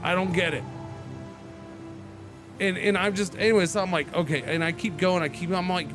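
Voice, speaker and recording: A man's voice: high-pitched, normal speed. A man streaming a game, telling a rambling story in casual chat with lots of restarts. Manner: rambling, animated, many restarts. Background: background music.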